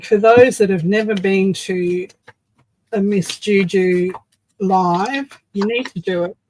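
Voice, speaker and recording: A woman with an Australian accent hosts a relaxed crafting livestream. She speaks slowly and loosely, chatting to her viewers while she works on a project. Her pitch sits in an ordinary middle range for a woman. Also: a little hiss or hum, rough recording. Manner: chatty, talks while working with her hands. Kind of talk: casual crafting livestream chat.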